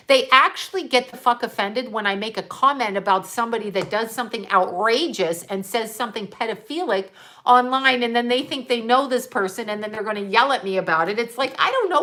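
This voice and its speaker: An older woman with a bright, clear voice, chatting to her viewers in a loose, rambling way. She laughs easily, swears freely and keeps drifting off topic as she scrolls through her photos. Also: a little high, expressive, brisk. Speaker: psychic vlogger. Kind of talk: casual rambling monologue.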